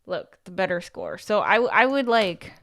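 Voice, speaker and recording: A woman who coaches on YouTube hosts a livestream and gives casual advice, chatting with plenty of "like" and "you know" while restarting thoughts and repeating words mid-thought. Her voice sits on the low side and is gravelly yet fairly bright. She sounds very animated and speaks a little slowly.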